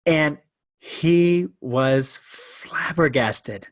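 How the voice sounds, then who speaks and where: A man telling a personal story as a podcast guest, animated and self-deprecating, shifting his pace for effect. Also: fairly high pitch, extremely slow, dry recording, studio quality. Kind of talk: casual storytelling interview.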